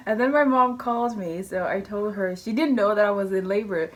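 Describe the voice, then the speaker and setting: A woman's voice: medium pitch, unhurried. A young woman telling a personal story in a casual vlog. She acts out the voices of the people in her story and speaks loosely worded English. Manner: English not fully fluent, loose grammar. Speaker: vlogger.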